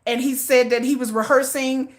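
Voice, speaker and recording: A middle-aged woman hosting a casual livestream, rambling with restarts and repeats in an animated way. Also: sits high, normal speed. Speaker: livestream host.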